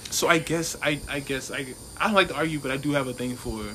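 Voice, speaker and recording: Fast-talking joking young man. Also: fairly high pitch, fairly bright tone, slight background noise. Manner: fast, joking, slangy, laughs often. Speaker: podcast co-host. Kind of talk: casual chat.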